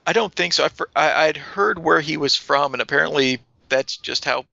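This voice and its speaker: Guy on a podcast, animated, swears a lot, kinda gravelly, dry muffled mic. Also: on the high side, moderate pace, no room sound. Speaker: podcast co-host. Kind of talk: casual chat.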